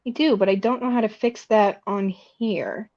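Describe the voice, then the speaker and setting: A woman's voice: mid-range voice, steady tone, normal speed, darkish tone, lo-fi sound. A woman joining a live stream by phone as a guest, flustered by the tech and swearing casually. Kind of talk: casual chat.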